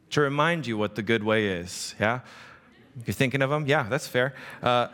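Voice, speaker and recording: A man's voice: medium pitch, normal speed, a bit bright. Conversational male pastor in a reverberant hall. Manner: conversational, asks the congregation "right?" often. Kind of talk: sermon. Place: church sanctuary.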